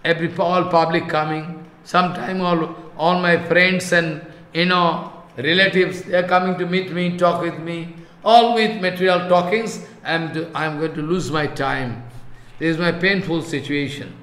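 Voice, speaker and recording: High, bright-voiced man lecturing in an echoey room. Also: fairly even intonation. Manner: halting and repetitive, slowly chanting verses. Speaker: spiritual teacher. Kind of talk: scripture class lecture.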